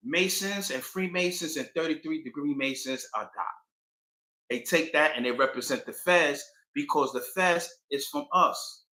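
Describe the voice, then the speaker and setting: A man hosting his own channel, telling history in a casual, slangy storytelling way and acting out quotes. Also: on the high side. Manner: slangy, animated, acts out quotes. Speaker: channel host. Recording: echoey room.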